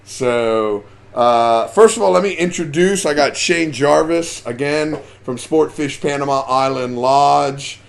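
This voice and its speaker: A man's voice: fairly high pitch, unhurried, vocal fry, hardly any pauses. A man hosting a casual live stream about fishing, chatting and reading out the names of viewers as they join.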